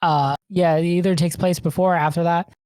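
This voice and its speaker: A man's voice: on the high side, fairly even intonation, brisk, darkish tone, clear, resonant tone, no room sound. A man co-hosting a podcast, chatting casually and telling rambling stories full of swearing and laughter. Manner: rambling, profane storytelling with frequent laughs. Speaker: podcast co-host. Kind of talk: casual chat.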